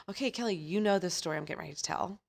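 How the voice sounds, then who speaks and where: Chatty low-voiced woman podcast host. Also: vocal fry. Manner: animated, chatty, laughs often, swears casually. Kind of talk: casual podcast storytelling.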